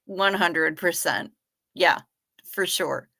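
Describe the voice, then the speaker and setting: Woman livestream host, bright tense tone, slow easy delivery, swears freely, gushes over her viewers. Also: lowish voice, creaky. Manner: profane, effusive, greets viewers by name. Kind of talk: casual livestream chat reading viewer comments.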